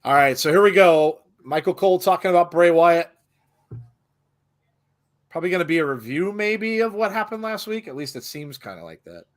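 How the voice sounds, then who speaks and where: A man's voice: on the high side, animated, normal speed. A young man hosting a live watch-along, talking casually and rambling, with stammered restarts as he gives his commentary.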